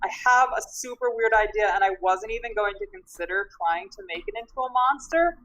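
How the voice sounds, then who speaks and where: A woman's voice: mid-range voice, expressive, fairly quick, a bit bright, low-quality recording. Hesitant woman player giving feedback. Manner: thoughtful, hesitant, searching for words. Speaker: tabletop player and character artist. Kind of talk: casual feedback chat after a game session.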